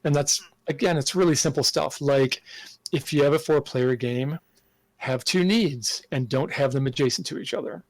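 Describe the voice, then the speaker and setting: A man answering interview questions in a thoughtful, halting way, with many fillers and restarts. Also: fairly high pitch, dry recording. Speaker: game designer guest.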